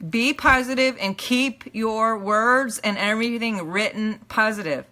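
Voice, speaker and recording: This teacher and minister runs a live online motivational lesson a little slowly, pressing her points earnestly and emphatically. She checks in again and again with "okay?" and lets the ends of her phrases fade down quietly.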